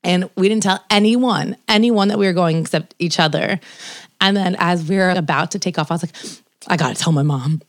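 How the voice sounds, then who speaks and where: A young woman co-host chats in a casual podcast conversation, her voice sitting a little low for a woman. She tells stories with energy, acting out what others said and dropping "like" often, recorded dry and close with no room sound. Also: a little fast, no echo. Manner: animated storyteller, quoting others, heavy "like" fillers. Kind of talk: casual chat.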